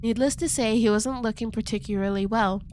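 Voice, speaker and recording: Woman streamer reading a game aloud, giggly playful asides, stifled laughs, fairly high voice, faint background hiss. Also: steady tone, a little fast. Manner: giggly, playful asides, stumbles over words; holding back laughter, kept quiet at night.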